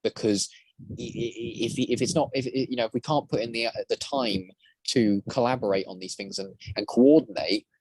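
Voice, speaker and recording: A man's voice: medium pitch, a little fast, a little mellow, husky, no room sound. A man speaking as a guest voice actor and prop maker in casual podcast chat, rambling with many restarts.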